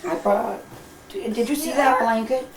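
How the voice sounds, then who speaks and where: A woman's voice: a little high, a little slow, roomy sound, a little hiss or hum, poor audio. An older actress playing a rambling, folksy homeless grandmother caring for a baby, hesitant and talkative.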